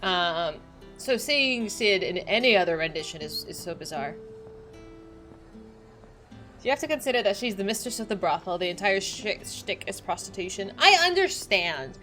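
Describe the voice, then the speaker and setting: A woman streamer chatting casually over her gameplay. Her mid-pitched voice swings up and down a lot, lively and playful. She reacts in big, exaggerated bursts. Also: normal speed, soft background music. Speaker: livestream gamer.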